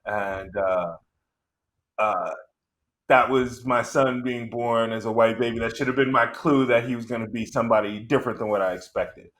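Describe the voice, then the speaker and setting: A man's voice: medium pitch, fairly even intonation, a bit bright. Rambling middle-aged comedian man. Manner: rambling, halting, full of fillers and restarts. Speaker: stand-up comedian. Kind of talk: stand-up storytelling.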